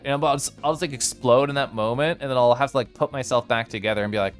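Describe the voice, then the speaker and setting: A man from Kansas, live-streaming in casual chat as he reads and answers his chat, playful and quick to laugh. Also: faint music behind. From Kansas, United States. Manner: animated and playful, swings his pitch, laughs often.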